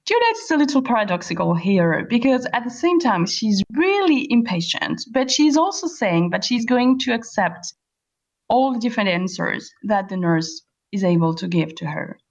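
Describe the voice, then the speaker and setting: A woman's voice: medium pitch, big pitch swings, a little mellow. Woman teaching over voice call. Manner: patient, questioning, spells words out slowly. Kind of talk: online class explaining a play. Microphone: computer voice call. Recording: lo-fi voice-call audio.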